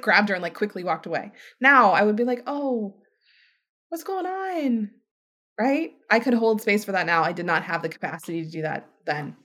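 A woman's voice: mid-range voice, a bit bright. A woman in her thirties hosting a podcast, talking casually and animatedly and often checking in with "right?". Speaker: podcast host. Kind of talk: casual solo podcast talk.

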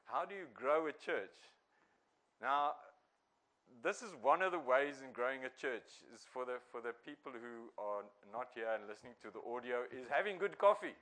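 Male pastor, casual sermon delivery, average pitch. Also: lively intonation, normal speed, pushed and bright, rough recording. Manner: conversational, chuckles and restarts.

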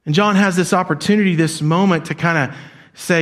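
A man's voice: sits high, a little fast, fairly bright tone. Dynamic middle-aged male preacher. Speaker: pastor. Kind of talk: sermon. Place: church sanctuary with congregation.

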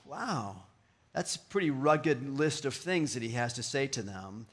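A man's voice: medium pitch, animated, measured pace, fairly bright tone. A man preaching a sermon in a conversational, playful way, voicing quotes and asides. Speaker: pastor.

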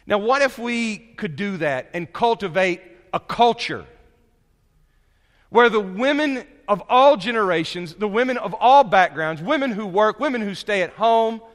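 Man, preacher, sermon, conversational, animated, high voice, long hall reverb. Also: unhurried. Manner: conversational, animated storytelling, frequent restarts.

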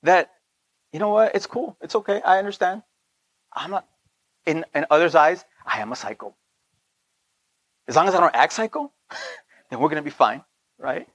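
A man with a fairly high voice preaches to his listeners, spinning a personal story with bursts of laughter. The sound is close and dry, with no room around it. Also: normal speed, long pauses, dry recording. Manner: animated storytelling with laughs and frequent "right?".

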